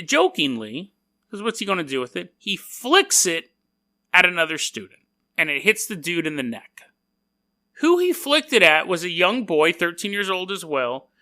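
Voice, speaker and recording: A man's voice: high voice, bright, forceful tone. A man hosting a podcast, telling a story casually with rambling, self-deprecating jokey asides. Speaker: podcast host.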